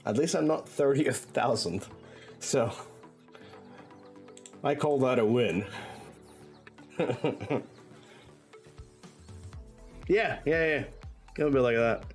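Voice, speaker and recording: A man's voice: medium pitch, drawn-out words, pauses often. A man streaming a game and chatting loosely with viewers, swearing freely and rambling through frequent restarts and fillers. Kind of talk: casual stream chat. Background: faint music.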